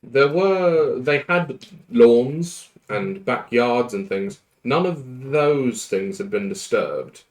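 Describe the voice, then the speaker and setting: A man running a tabletop role-playing game as game master, answering the players in a measured, deliberate way with frequent fillers. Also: medium pitch, animated, poor audio.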